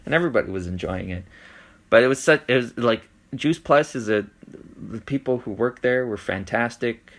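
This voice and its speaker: Chatty man telling a lively story. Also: mid-range voice, normal speed. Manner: animated storyteller, acts out voices. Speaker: podcast co-host. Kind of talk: casual chat, telling a story.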